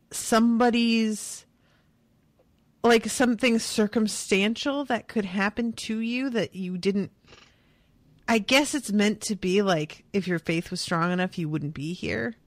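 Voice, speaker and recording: A woman's voice: medium pitch, a bit bright, no room sound. A woman co-hosting a podcast, chatting casually and playfully about a book. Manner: playful and conversational, quick to joke. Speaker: podcast co-host. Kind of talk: casual chat.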